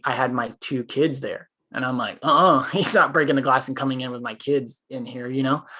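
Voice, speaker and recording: A male podcast co-host, a former police officer, tells a long, rambling story full of fillers in casual conversation. His voice is mid-range and a bit bright.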